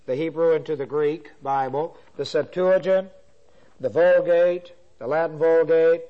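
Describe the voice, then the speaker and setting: A man's voice: on the high side, mellow. Man teaching a Bible lecture, lo-fi. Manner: repeats points, many filler uhs. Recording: dull lo-fi recording.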